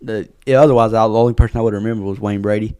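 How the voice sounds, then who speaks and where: Quick, chatty male podcast co-host with a lowish voice, loose and filler-heavy. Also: steady tone, dark tone, smooth. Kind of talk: casual chat.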